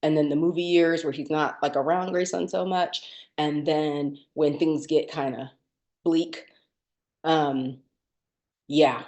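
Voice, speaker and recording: A woman's voice: low-pitched, steady tone, unhurried, darkish tone. A woman co-hosting a podcast, chatting casually with many fillers and restarts. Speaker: podcast co-host. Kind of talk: casual chat.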